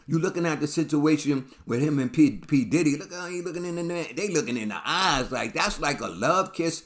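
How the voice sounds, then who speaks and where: A man's voice: fairly high pitch, expressive, normal speed, few pauses. Blunt profane man ranting about celebrities. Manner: blunt, profane, repetitive street talk. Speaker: commentary channel host.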